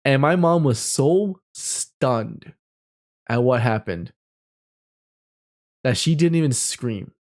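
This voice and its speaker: A man in his thirties telling a personal ghost story as host, animated and full of fillers. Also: medium pitch, takes it slowly, pauses often. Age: 30s.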